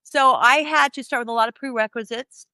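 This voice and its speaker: A woman in her fifties talks as an interview guest, her voice bright and clear. She rambles through candid stories and acts out the dialogue with lively energy. The recording is close and dry. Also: a little high, a little fast, no room sound. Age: 50s. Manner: rambling, animated, acts out quoted dialogue with laughs.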